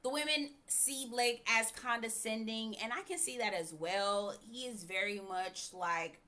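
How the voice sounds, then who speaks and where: A woman's voice: on the high side, measured pace, few pauses, sharp tone. A woman who talks bluntly and frankly as she reviews a reality show in a casual, chatty way. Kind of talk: casual opinionated commentary.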